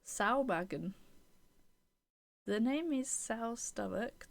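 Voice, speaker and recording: A woman streaming a game, reading its text aloud and chatting between lines with giggles and soft whispered asides. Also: a little high.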